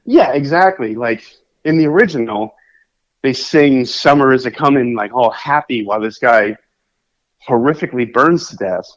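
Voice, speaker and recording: A man talks in a casual podcast chat, rambling through fillers and restarts. His pitch swings widely as he gets animated. The recording sounds dull and lo-fi. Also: normal speed. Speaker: podcast co-host. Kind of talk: casual chat about films.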